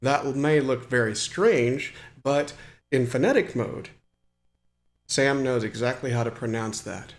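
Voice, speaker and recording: Man with a creaky mid voice, hobbyist tutorial host, talks through settings, fills with restarts. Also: mid-range voice, unhurried. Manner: explanatory, with frequent fillers and restarts. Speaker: hobbyist programmer demonstrating software. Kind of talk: screen-recorded tutorial walkthrough.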